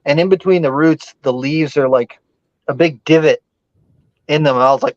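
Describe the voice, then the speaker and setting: A man telling a story in casual podcast chat, animated, swearing freely and using many fillers. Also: on the high side, normal speed, long pauses, no echo, highs cut off.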